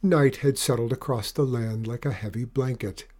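A man narrating a storybook in an expressive, dramatic reading. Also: medium pitch, moderate pace.

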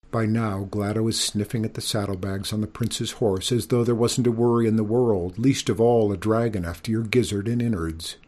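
A man reading a children's story aloud, expressive and giving each character a voice. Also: lowish voice, moderate pace, hardly any pauses.

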